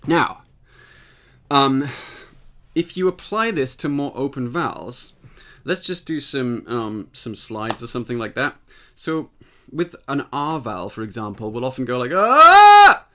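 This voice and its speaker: A man teaching a singing lesson in a relaxed, explanatory way, often checking in with the listener. His voice is bright and lively, rising and falling a lot, yet it sounds tired and slightly husky after a long day. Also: mid-range voice, moderate pace. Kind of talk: casual spoken singing lesson.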